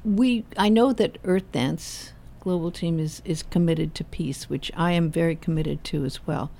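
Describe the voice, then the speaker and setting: A woman's voice: low-pitched, a little slow, creaky, warm tone. A woman hosting a casual interview, chatty and enthusiastic, often asking "right?" and saying "you know". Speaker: show host.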